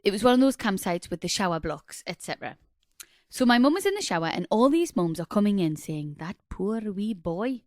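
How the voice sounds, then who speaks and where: A woman in her forties, chatting on a podcast with an easy, storytelling flow at a middling pitch. Her voice sits close and dry, with no room sound around it. She laughs a lot between stories. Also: sing-song, a little fast, darkish tone, dry recording. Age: 40s. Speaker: podcast co-host. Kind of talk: casual podcast chat.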